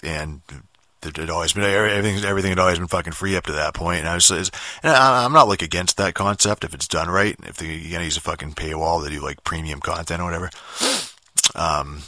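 A man's voice: deep voice, fast, bright, forceful tone, no room sound. A man ranting in a casual monologue, swearing constantly and restarting sentences as he rambles. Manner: profane, rambling, many restarts and fillers. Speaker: podcaster.

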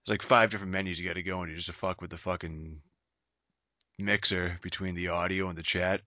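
A man's voice: low voice, fairly even intonation, a little fast, sharp tone, dry recording, lo-fi sound. A man hosting a casual podcast, talking in a crude, profane, rambling way full of restarts. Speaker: podcast host.

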